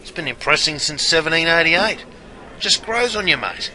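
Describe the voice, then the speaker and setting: A man's voice: a little high, lively intonation, moderate pace, sharp tone. An Australian-accented man playing a brash, chummy pub barman who talks in slangy, matey banter. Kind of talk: scripted character narration.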